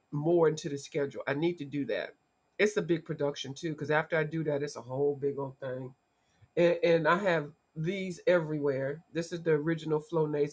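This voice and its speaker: A woman hosting a casual livestream, congested from allergies and chatting with her viewers by name. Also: lowish voice. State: congested from allergies, voice gone deep. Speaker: livestream host.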